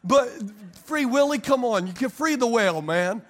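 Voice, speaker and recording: High-voiced joking preacher man. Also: moderate pace. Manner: animated, joking storytelling with frequent laughter. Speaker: pastor. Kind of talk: sermon. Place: church service before a congregation.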